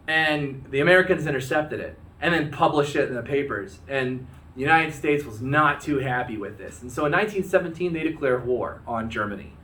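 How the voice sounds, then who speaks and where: A man's voice: fairly high pitch, lively intonation, fairly quick, a bit bright, reverberant, far from the mic. A man teaching history in a casual recorded lecture, chatty, acting out bits of dialogue in joking voices, recorded on a phone.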